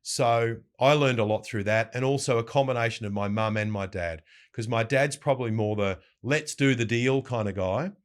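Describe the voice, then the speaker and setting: A middle-aged Australian man, a radio host, telling lively stories in an interview and mimicking the people he quotes. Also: lowish voice, moderate pace, hardly any pauses. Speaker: breakfast radio host, guest. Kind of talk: casual storytelling interview.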